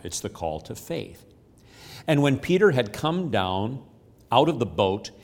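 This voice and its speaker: A man hosting a devotional podcast, explaining a Bible passage in an earnest, explanatory way and repeating key phrases. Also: lowish voice. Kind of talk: scripture teaching.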